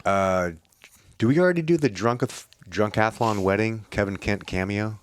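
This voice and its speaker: A man's voice: fairly low pitch, moderate pace, a little hiss or hum. A man hosting a podcast who reacts with short remarks and laughs along with his guest. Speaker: podcast host. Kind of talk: casual chat.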